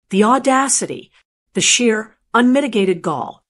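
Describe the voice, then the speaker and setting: A woman's voice: mid-range voice, expressive, measured pace. A woman narrating a first-person story in a tense, dramatic manner.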